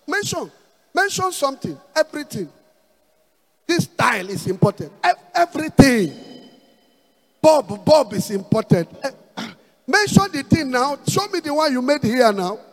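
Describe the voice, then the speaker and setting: A man's voice: very high voice, fairly bright tone. A man with a Nigerian accent preaching a sermon as pastor, repeating words and dropping in asides like "praise the Lord". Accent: Nigerian English. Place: church hall. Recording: reverberant church hall with faint music.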